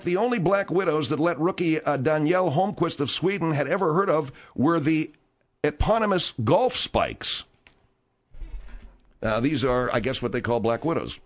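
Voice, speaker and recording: A man hosting a comedy talk radio show, reading news items and bantering with exasperated humor. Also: a little high. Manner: animated, exasperated, jokey. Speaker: radio host.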